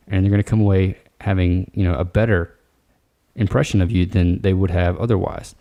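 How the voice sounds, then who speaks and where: A man's voice: lowish voice, creaky, warm tone. A man hosting a solo podcast, giving workplace advice in a casual, direct coaching tone. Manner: casual, direct, coaching tone with frequent "all right". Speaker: podcast host.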